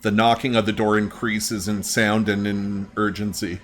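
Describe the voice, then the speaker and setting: A man's voice: fairly low pitch, level tone, normal speed, fairly bright tone, slight background noise. A man narrating a tabletop game as game master in a casual, laid-back way.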